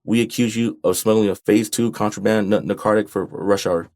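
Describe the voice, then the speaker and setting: A man voicing an older, husky male court translator who speaks halting English with a heavy Chinese accent and pompous airs. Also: deep voice, darkish tone. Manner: halting, broken English, stuttering.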